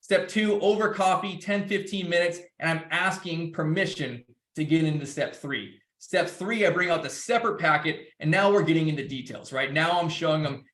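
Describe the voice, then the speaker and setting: Guy talking business, kinda high voice, lots of restarts, roomy echo. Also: normal speed, few pauses, fairly bright tone. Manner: loose, rambling, with restarts. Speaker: guest speaker. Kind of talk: casual presentation.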